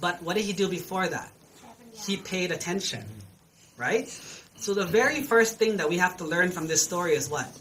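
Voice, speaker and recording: A man's voice: high voice, normal speed, slight background noise, rough recording. A man, a Buddhist monk, telling a story to children as a sermon and quizzing his listeners with questions. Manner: asks the listeners questions, animated.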